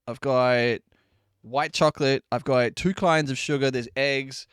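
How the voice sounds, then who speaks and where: A man in his twenties chatting casually with viewers on a live stream, animated and quick to swear. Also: medium pitch, smooth, no room sound, clean studio sound. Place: at home at his desk.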